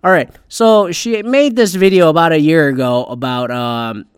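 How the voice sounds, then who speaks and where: A man's voice: on the high side, normal speed, clean tone, no room sound, studio quality. A man ranting in casual, rambling commentary, sarcastic and swearing constantly as a podcast host. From Asian heritage.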